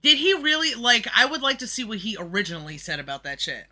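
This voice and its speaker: A man's voice: high-pitched, sing-song, quick pace, sharp tone. A man livestreaming a reaction, ranting angrily and mockingly with heavy swearing. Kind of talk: profane reaction rant.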